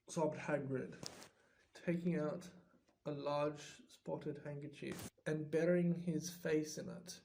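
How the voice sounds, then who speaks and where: An audiobook reader narrating a story at an unhurried pace. The tone is mellow and dark, and the phrasing is expressive and deliberate. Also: medium pitch, creaky, a little hiss or hum, rough recording. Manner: slow and expressive.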